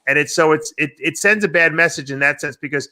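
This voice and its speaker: A man co-hosting a podcast, chiming in with quick agreement and halting restarts. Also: fairly high pitch, pushed and bright. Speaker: podcast co-host. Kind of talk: casual chat.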